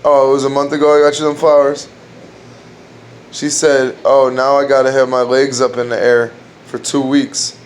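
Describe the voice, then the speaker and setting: A man riffs through crude jokes in a dark room at home, rambling and restarting his lines as he goes. His voice sits at an ordinary middle pitch. A faint air-conditioning hum runs behind him. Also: flat delivery, normal speed. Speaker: amateur comedian trying out jokes. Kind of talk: casual joke-telling at home.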